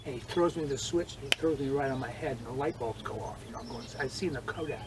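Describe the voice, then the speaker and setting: An older man telling vivid stories in an interview, acting out quoted lines and swinging between loud and hushed. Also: medium pitch, fast, background noise. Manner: animated storyteller, acts out quotes, swings loud and soft. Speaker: interviewee, former judo training partner. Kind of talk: storytelling interview.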